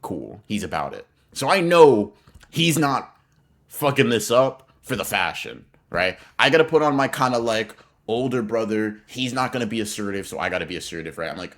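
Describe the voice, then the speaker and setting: Young male podcast co-host, low-pitched, animated slangy storyteller. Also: normal speed. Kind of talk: casual storytelling chat.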